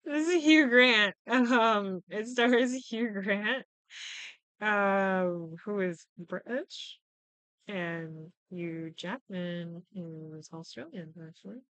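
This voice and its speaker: Young woman host, casual chatty recap, lively and profane, smooth clear voice, dry close mic. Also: medium pitch, extremely slow, no echo. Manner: animated, swears freely, acts out quotes. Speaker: podcast host. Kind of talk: casual chat recapping shows.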